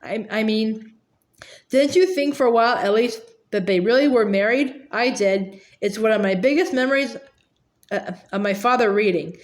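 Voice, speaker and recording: A woman's voice: a little high, normal speed. A woman reading a novel aloud, often stumbling and repeating words. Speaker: reader.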